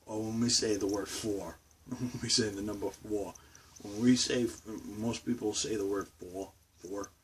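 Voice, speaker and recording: A young man with a thick Boston accent talks casually into his vlog, his very low voice wandering through fillers, restarts and asides. He sits well back from the microphone, and a faint hiss of background noise runs beneath his speech. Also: fairly even intonation, distant mic. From Boston, Massachusetts. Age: 20s. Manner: rambling, halting, many fillers and restarts. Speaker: vlogger.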